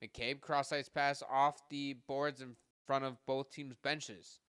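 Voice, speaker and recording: Bright-voiced man calling hockey play-by-play. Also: mid-range voice, level tone, clear, resonant tone, no echo, studio quality. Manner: rapid play-by-play that jumps louder on shots and goals; chatty asides to listeners. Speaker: podcast host doing live play-by-play. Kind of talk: live hockey play-by-play commentary.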